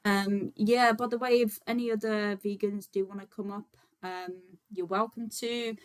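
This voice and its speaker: A woman's voice: mid-range voice, steady tone, normal speed. Young woman, casual livestream host, chatty, lots of filler words. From Birmingham, England. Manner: chatty and informal, many fillers, talks to viewers while setting up. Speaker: livestream host, vegan activist.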